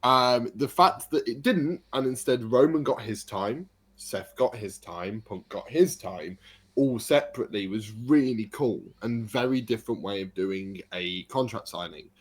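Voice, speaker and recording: A man, a podcast co-host telling an excited story in casual chat. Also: mid-range voice, unhurried, breathy edge. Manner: excited storytelling, animated retelling.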